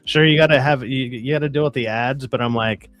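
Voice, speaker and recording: A man's voice: medium pitch, brisk, fairly bright tone, soft background music. A man co-hosting a casual podcast, chatting in a laid-back, profane way. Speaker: podcast co-host. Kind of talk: casual chat.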